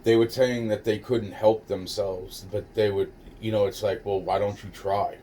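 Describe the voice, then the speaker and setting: A man casually recounting a personal ordeal in a rambling, profane way, with frequent restarts and a calm, low-key delivery. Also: moderate pace, slight background noise. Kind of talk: casual spoken recollection.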